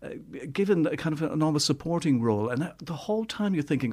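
A man giving a film review on a radio show in an animated way, often repeating words as he searches for the next one. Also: fairly high pitch, fast talker, few pauses. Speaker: movie reviewer.

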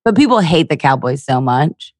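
Young woman comic from Philly, low voice, animated delivery, crude storyteller, dry close mic. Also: moderate pace, no room sound. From Philadelphia area. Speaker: stand-up comedian, podcast guest. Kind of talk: casual podcast chat.

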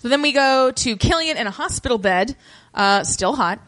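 A woman hosting a podcast, recapping a TV episode in a chatty, animated way and laughing easily. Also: sits high. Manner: chatty and animated, quick to laugh, many fillers. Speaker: podcast host recapping a TV show. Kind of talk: casual chat.

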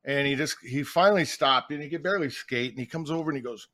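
A man's voice: mid-range voice, fast talker, pushed and bright, no room sound. A middle-aged man chatting as a guest in a podcast studio, telling blunt stories and acting out the lines of the people in them. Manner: blunt storyteller acting out quotes. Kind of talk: casual chat. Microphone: studio mic.

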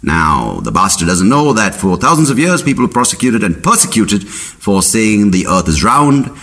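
A man with a low voice hosts a podcast, riffing through a rambling comic monologue. His delivery is animated, full of puns and sudden tangents. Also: normal speed. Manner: rambling, punning, jumps into silly voices. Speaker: podcast host. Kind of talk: comedic monologue.

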